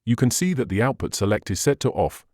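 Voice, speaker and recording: A man's voice: medium pitch, lively intonation, fast talker, a little mellow, no echo, clean studio sound. A man hosting a synthesizer tutorial, patiently walking through settings step by step with slightly non-native phrasing. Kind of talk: instructional screen walkthrough.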